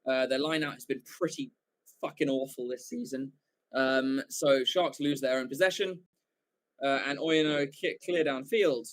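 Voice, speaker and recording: A man giving live fan commentary for a watchalong stream, excitable, swearing casually and often correcting himself mid-call. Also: medium pitch, normal speed.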